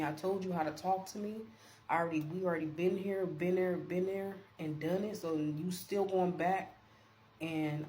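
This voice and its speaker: Emphatic woman over a steady hum. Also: fairly low pitch. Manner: emphatic, animated retelling, keeps addressing viewers; preachy encouragement. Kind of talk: storytime vlog, talking to viewers.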